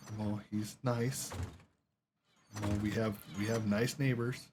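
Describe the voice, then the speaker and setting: A man's voice: mid-range voice, normal speed, slight background noise. A man telling a long story while playing a game, rambling along with lots of swearing and quoted voices. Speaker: gaming streamer.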